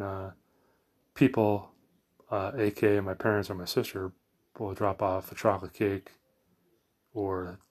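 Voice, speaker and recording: A middle-aged man talks loosely into his phone during a live broadcast. His voice sits a little low, and he drifts from thought to thought, often stopping and restarting mid-sentence. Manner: meandering, self-correcting, frequent fillers. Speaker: live-stream host. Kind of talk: rambling casual monologue.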